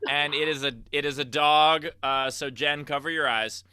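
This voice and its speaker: Man reading tips aloud, very bright tone, joking and self-mocking, video call, faint background hiss. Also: a little high, fairly even intonation, moderate pace. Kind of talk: casual comedy chat on a video call.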